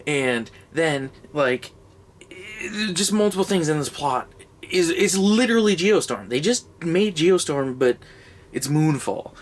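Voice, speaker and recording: A man's voice: on the high side, lively intonation, a little slow. A young man giving a casual, rambling comedic movie review, sarcastic and sweary, laughing as he goes.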